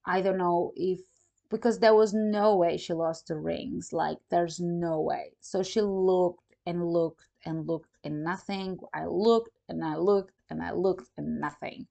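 A woman vlogger chatting casually to camera, telling a personal story in animated, non-native English full of "you know, like.". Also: fairly low pitch, a little slow, gravelly. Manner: animated, acts out quoted dialogue.

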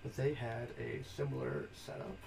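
A man's voice: on the low side, big pitch swings, moderate pace, creaky, background noise. A man running a tabletop game as game master, hesitant and improvising with many fillers.

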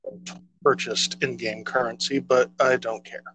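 A man's voice: mid-range voice, steady tone, normal speed, bright, forceful tone, low-quality recording. A man co-hosting a casual podcast chat, rambling and hesitant with many fillers and restarts. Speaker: podcast co-host.

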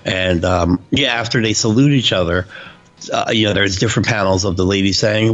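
Animated man, dull lo-fi sound. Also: on the low side, brisk. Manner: animated, acts out quotes in a raised voice. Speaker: podcast co-host. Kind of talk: casual chat about comic books.

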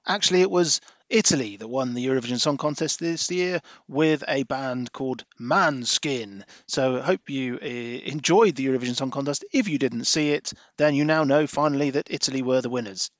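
A man's voice: mid-range voice, fairly quick, few pauses, no room sound, lo-fi sound. A British man giving a short voice-over correction on a podcast in a chirpy tone. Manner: chirpy, brief announcement. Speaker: podcast host adding a correction. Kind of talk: recorded voice-over insert.

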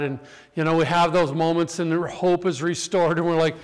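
Male preacher, high and clear-voiced, animated storyteller; sermon in a reverberant hall. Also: normal speed. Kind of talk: sermon with personal stories.

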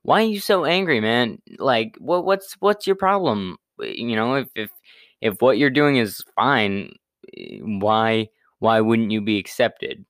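A man's voice: mid-range voice, expressive, measured pace, fairly bright tone, no echo, studio quality. A man voicing God as an exasperated, slangy dude who scolds and stammers in a casual Bible retelling.

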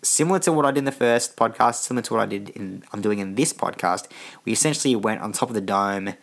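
A man's voice: lowish voice, fast talker, creaky. A young man hosting a casual solo podcast, tired and rambling with many restarts. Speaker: podcast host.

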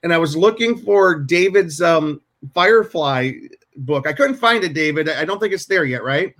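With an expressive, slightly high and fairly bright voice at a moderate pace, a man hosts a podcast over a video call. His casual chat is full of rambling stories and self-interruptions, with many restarts. He is in a home room with shelves.

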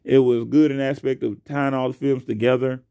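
A young man hosts his own podcast alone and talks casually into a close mic. He is profane and animated, swinging from loud bursts to low mutters. His mid-pitched voice has a gravelly fry, and the sound is dry with no room echo. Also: moderate pace. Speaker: podcast host. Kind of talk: casual solo podcast rant.

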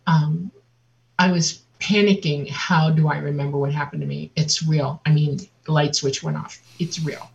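A woman guest on an interview, telling a personal story in a lively way and acting out the voices of other people. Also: deep voice, normal speed, creaky. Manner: vivid, laughs often, acts out quotes. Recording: dull lo-fi audio.

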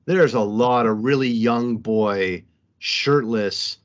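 A man's voice: medium pitch, slow, highs cut off. A man co-hosting a podcast, animatedly recapping a movie scene by scene with casual swearing. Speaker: podcast co-host.

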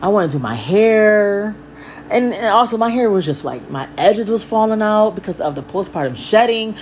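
A candid young woman, swinging pitch. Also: lively intonation, normal speed, darkish tone, slight background noise, low-quality recording. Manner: casual, blunt, swears freely, rambling with fillers. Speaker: podcast host. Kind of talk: candid personal storytelling.

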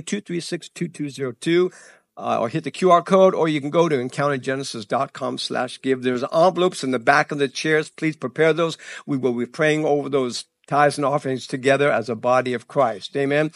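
A man pastor giving church announcements before his sermon, animated and excited, tripping over his words and laughing at himself. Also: mid-range voice, fairly quick, dry recording, clean studio sound. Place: church sanctuary.

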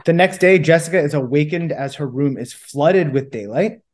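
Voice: medium pitch, moderate pace. A podcast co-host recapping a book in casual chat, reading quotes aloud and then questioning them.

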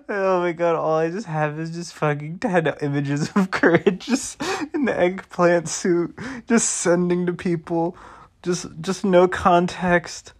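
Speaking a little slowly in a voice that sits high, a young man rambles to his viewers as a vlogger. He swears freely and keeps dissolving into giggles.

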